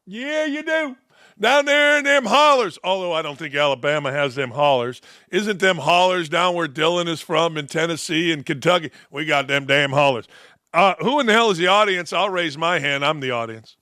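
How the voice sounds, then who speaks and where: A man's voice: fairly high pitch, lively intonation, moderate pace, sharp tone, no echo, clean studio sound. A man in his sixties hosting a show, ranting in a mocking, sarcastic way with heavy emphasis. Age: 60s. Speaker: host. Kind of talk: sarcastic commentary rant.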